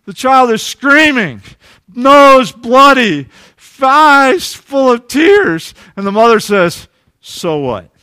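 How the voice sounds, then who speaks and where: A male pastor with a high voice delivers a sermon with earnest conviction, moving from lively emphasis to hushed, tender moments. He speaks slowly, and the clean recording is dry and close with no echo or room around it.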